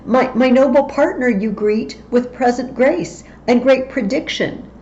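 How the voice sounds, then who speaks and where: A woman's voice: fairly high pitch, measured pace, darkish tone, a little hiss or hum, voice pushed up, natural voice. A woman voicing a wary male nobleman and soldier who declaims searching questions, from a slightly dull recording. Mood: wondering.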